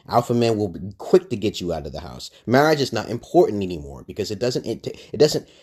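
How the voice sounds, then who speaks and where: Man, husky voice, livestream rant, crude and rambling, swooping pitch. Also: a little mellow. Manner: rambling, crude, jumps to high pitch when heated. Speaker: livestream host.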